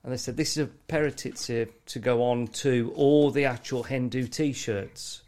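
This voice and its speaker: A man's voice: mid-range voice, moderate pace. A man telling stories in casual podcast banter, swearing heavily. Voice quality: lively delivery, heavy swearing. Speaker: podcast co-host, t-shirt printer.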